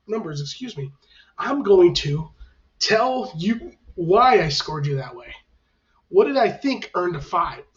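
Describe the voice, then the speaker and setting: A male teacher giving instructions to his class on camera in a reassuring, conversational way. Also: high-pitched. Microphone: camera facing the speaker. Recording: dull, lo-fi, mic at a distance.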